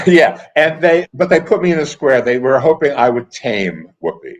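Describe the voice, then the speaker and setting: An older man, a comedy writer and actor, chatting casually as an interview guest and telling wry anecdotes with quick asides. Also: mid-range voice. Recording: dull lo-fi audio.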